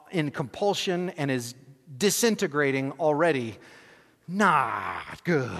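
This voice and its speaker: A man preaching, telling a personal story with animated, self-deprecating humor and acting out scenes. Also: fairly high pitch, big-room sound. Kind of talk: sermon storytelling.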